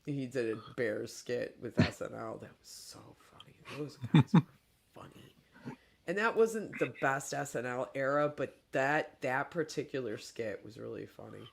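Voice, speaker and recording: A man's voice: medium pitch, lively intonation, normal speed, vocal fry. A man from Michigan with a Midwestern accent, hosting a livestream in casual chat, laughing often and mimicking accents. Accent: Midwestern American. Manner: chatty, laughs often, puts on silly accents. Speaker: livestream host.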